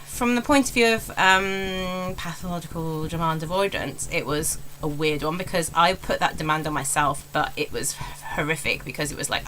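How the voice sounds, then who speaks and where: A woman's voice: lowish voice, moderate pace, hardly any pauses, pushed and bright, a little hiss or hum, low-quality recording. An English woman in her forties, a stand-up comedian, talking candidly and rambling in a casual vlog. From England. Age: 40s. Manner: candid, rambling, self-deprecating.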